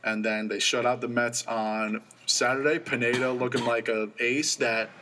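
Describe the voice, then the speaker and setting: A young man co-hosting a college radio sports show, rattling off stats quickly and eagerly. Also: mid-range voice, steady tone, background noise. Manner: quick, stat-heavy, enthusiastic.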